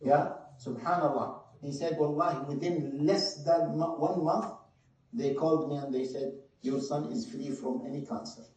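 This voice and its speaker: A man preaching a sermon, telling a story with passion, shifting between loud stresses and hushed moments. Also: on the high side, steady tone, moderate pace. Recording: very echoey hall, mic at a distance.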